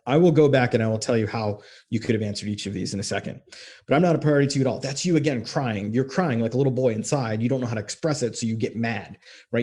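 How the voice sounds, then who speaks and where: A man's voice: mid-range voice, dark tone, husky. A man giving direct, profane relationship coaching as he walks through a text exchange. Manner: direct, profane, reads quoted texts aloud.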